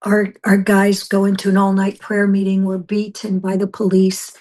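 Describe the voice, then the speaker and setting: Woman telling a fervent testimony, flat-toned. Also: mid-range voice, moderate pace. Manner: intense, fervent storytelling with restarts. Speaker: missionary guest. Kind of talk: emotional personal testimony.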